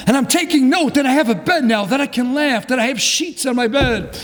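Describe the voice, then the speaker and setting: A man, a rabbi, preaching a sermon, moving from a low hush to fervent, near-shouted passages. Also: fairly quick, hardly any pauses, big-room sound. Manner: impassioned, swings from low hush to fervent crying-out.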